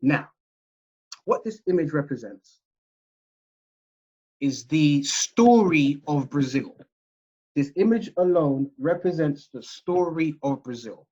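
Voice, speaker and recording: An English man delivers a seminar lecture over a video call, talking in a relaxed, conversational way and often checking in with his audience. His voice has a slightly husky edge. The call audio sounds dull and muffled. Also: on the high side, slow pace, long pauses. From England. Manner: conversational, chatty, checks in with listeners.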